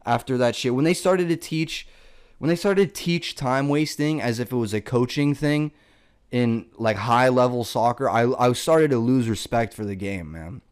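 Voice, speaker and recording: A man's voice: mid-range voice, normal speed, smooth. A young man, a comedian, ranting casually and profanely, rambling with lots of filler words and exasperation.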